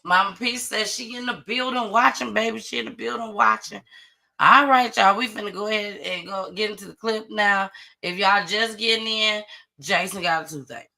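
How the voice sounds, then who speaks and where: A woman hosting a casual live-stream gossip show, chatty and animated as she greets viewers. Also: medium pitch, normal speed, gravelly. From Atlanta area. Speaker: host of a live online gossip and news show.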